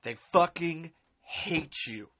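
Her voice sits low with a fairly bright tone, animated yet slow-paced, as this podcast host vents on a live stream. The rant is angry, sarcastic, and full of swearing, with points repeated for emphasis.

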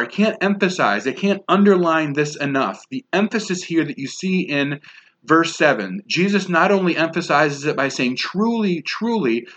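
A pastor preaching a sermon, stressing key words by repeating them, with emphatic phrasing. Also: male voice, on the high side, fairly bright tone. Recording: dull lo-fi sound.

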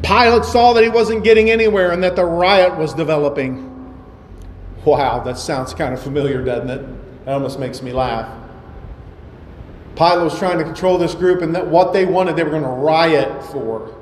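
A man's voice: a little high, normal speed, a little hiss or hum. Man preaching in an echoey church. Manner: emphatic preaching with repeated rhetorical questions. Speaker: pastor. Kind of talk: sermon. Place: church sanctuary. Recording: echoey hall with faint ambience.

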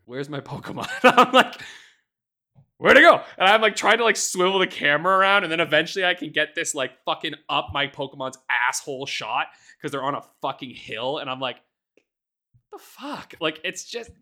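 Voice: mid-range voice, animated, a little fast, sharp tone. A podcast co-host in casual chat, ranting with heavy profanity and laughing often while talking.

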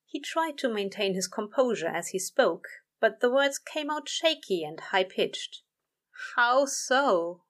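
Woman reading a story slowly. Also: medium pitch, big pitch swings. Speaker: narrator. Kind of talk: reading fan fiction aloud.

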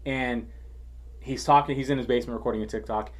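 A man's voice: mid-range voice, steady tone, fast talker. A man in a casual podcast conversation, talking in a heated, profane way with lots of stammered restarts.

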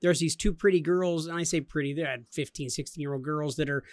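A man's voice: fairly high pitch, fairly quick, no room sound, clean studio sound. A man in his thirties telling a funny family story on a podcast, laughing and acting out the people in it. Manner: animated, laughing, acts out quotes. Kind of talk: casual storytelling.

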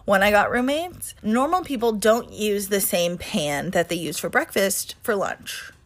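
A woman's voice: mid-range voice, expressive, unhurried. A woman in her twenties co-hosting a podcast, chatting casually, full of "like" fillers and the odd swear word. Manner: chatty, swears freely, frequent "like". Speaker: podcast co-host. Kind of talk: casual chat.

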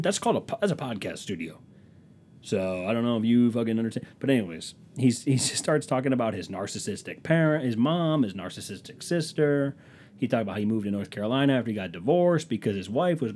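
A man's voice: medium pitch, darkish tone. A man, hosting a podcast and telling a rambling, profane, self-mocking story in a casual comic style. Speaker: podcast host.

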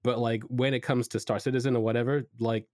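A man's voice: mid-range voice, flat delivery, quick pace, a little mellow, no echo. Rambling man with a dry, close sound. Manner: rambling, heavy use of "like" and "you know"; enthusiastic, advice-giving. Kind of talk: casual chat.

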